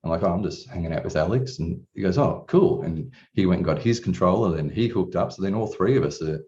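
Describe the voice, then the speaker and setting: A man's voice: sits low, fast talker, darkish tone. A man in his forties telling his personal story as a coaching client, candid and rambling, with casual swearing. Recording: distant, dull room recording.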